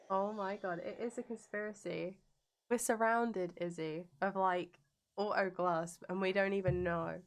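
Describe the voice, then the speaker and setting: A woman's voice: medium pitch, fairly even intonation, unhurried. A young woman streaming a game and chatting casually with viewers, playful and giggly, singing silly jingles between remarks.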